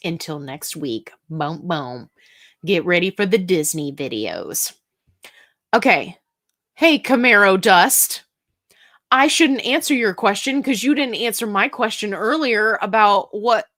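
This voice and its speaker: A woman hosts a casual livestream and answers viewer questions one after another. She reads their comments aloud and chats back in a relaxed, goofy way, sometimes playing with voices. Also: medium pitch. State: getting tired. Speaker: host answering live chat questions.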